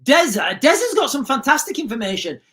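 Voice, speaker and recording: A woman's voice: high voice, big pitch swings, a little fast, fairly bright tone. A woman hosting a livestream, reading viewer comments aloud and answering them in a sarcastic, emphatic way, often repeating her key lines. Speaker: livestream host.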